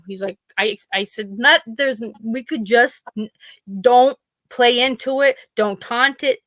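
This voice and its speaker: This podcast host has a Pennsylvania accent and tells meandering family stories in a chatty way, playing out her relatives' quotes. Her voice sits on the high side, a bit bright, at a measured pace, in a dry recording.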